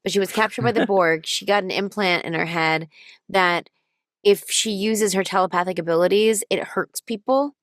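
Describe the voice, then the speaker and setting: A woman voice actor speaking as an interview guest, telling stories in an animated, thoughtful way. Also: medium pitch, normal speed, no echo, studio quality. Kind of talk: casual interview chat.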